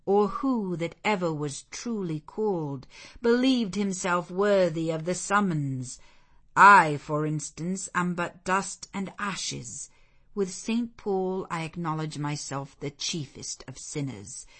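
A woman reading the part of a stern, zealous male missionary clergyman in a deep, relentless, commanding manner. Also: takes it slowly, fairly bright tone. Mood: solemn. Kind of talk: audiobook character voice.

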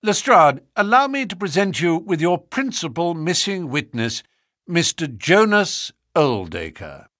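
Brief: a male reader voicing a composed, theatrical detective, precise and lively. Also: a little high, a little slow, no echo, clean studio sound, pitched above the performer's own voice, heavily acted. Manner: calm, precise, faintly pompous.

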